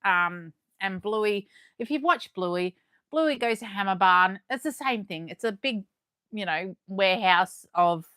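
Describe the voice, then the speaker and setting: A young adult Australian woman hosting a live unboxing, chatting warmly and gushing as she reads comments aloud. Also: medium pitch, lively intonation, measured pace, clean tone, no room sound, studio quality. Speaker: livestream host.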